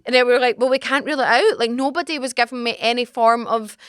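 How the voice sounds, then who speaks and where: A young Scottish woman in her twenties, hosting a podcast and telling a personal story with animated, dramatic asides. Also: a little high, quick pace, smooth, no echo, clean studio sound. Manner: animated, dramatic retelling with acted-out exclamations. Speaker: podcast host. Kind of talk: casual storytelling chat. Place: small home podcast studio.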